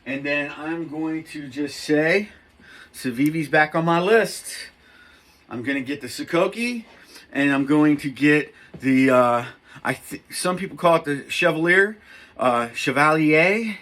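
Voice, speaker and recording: A middle-aged man talking casually to camera as a knife reviewer, rambling and excitable, poking fun at himself. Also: fairly high pitch, unhurried. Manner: rambling, excitable, self-mocking.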